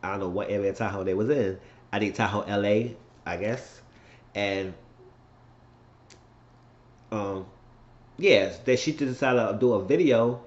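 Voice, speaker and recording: A man's voice: lowish voice, measured pace, pauses often. Man rambling through a show recap in a roomy room. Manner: rambling storytelling with frequent asides and profanity. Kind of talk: casual spoken episode recap. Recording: roomy, dull lo-fi sound.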